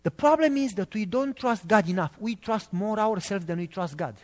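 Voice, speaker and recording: A man preaches with animated emphasis. His high voice swoops up and down. The sermon carries the long reverb of a church hall. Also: normal speed. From Romania.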